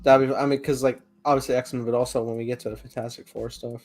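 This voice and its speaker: A man co-hosting a podcast, chatting casually and tossing in quick, joking remarks. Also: medium pitch, level tone, a little mellow, soft background music. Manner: quick interjections, jokey. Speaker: podcast co-host. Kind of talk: casual chat.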